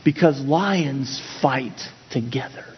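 Telling a personal story within his sermon, this earnest middle-aged pastor keeps restarting and repeating words. He speaks slowly in a mid-range voice with a breathy edge. The audio is dull and carries a long hall reverb.

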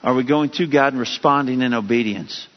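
Pastor guy preaching, jumps up in pitch for emphasis, muffled recording, long echo. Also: brisk. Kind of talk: sermon. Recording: dull lo-fi sound with long hall reverb.

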